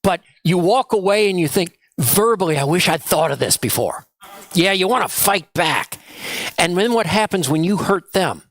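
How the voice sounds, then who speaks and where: A man's voice: high-pitched, lively intonation, moderate pace, fairly bright tone, dry recording. A man leading a children's story time in church, asking the children playful questions. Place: church sanctuary.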